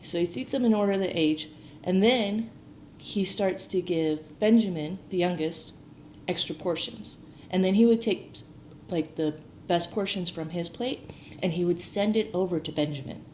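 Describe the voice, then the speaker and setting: A woman's voice: fairly low pitch, moderate pace, a little mellow. A woman educator casually retelling a Bible story, chatty and full of "like", acting out the quotes. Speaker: archaeology educator. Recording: roomy echo, faint noise.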